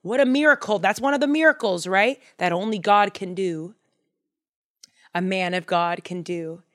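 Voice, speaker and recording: A young woman hosting a casual Bible storytelling chat in a chatty, slangy, animated way. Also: mid-range voice, normal speed. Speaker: podcast host.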